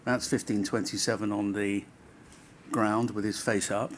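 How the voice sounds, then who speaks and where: A man's voice: lowish voice, level tone, measured pace, a little hiss or hum. A man serving as inquiry counsel, questioning a witness pointedly and formally.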